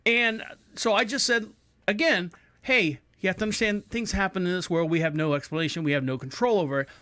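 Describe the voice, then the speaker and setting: A man's voice: sits high, fairly quick, no room sound. A man in his forties hosting a podcast in casual chat, telling stories animatedly and acting out quoted people. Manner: animated storyteller who acts out quoted people. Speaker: podcast host.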